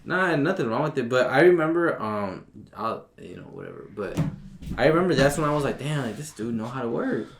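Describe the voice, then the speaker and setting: A man's voice: mid-range voice, expressive, fairly quick, gravelly, a little hiss or hum. Teasing young man in slangy banter. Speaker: podcast host. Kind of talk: casual chat.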